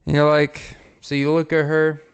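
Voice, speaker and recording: A man hosting a podcast who tells comic scenarios in a rambling, profane way, with pauses and "um"s. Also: fairly high pitch, monotone, clean tone. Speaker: podcast host. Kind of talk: comic storytelling.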